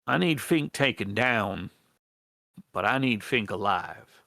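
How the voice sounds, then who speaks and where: A man's voice: fairly low pitch, animated, slow pace, creaky, sharp tone, no echo, studio quality, heavily acted. A man voicing an earnest female rat rebel who pleads for allies, in a hesitant folksy drawl full of restarts. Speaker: game master. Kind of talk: in-character role-play in a tabletop game.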